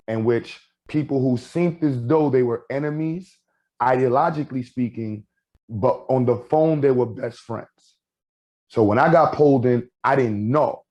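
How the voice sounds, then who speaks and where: A man's voice: mid-range voice, normal speed, lo-fi sound. A man telling stories in a casual podcast chat, acting out what people said. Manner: storytelling, animated, acts out quotes.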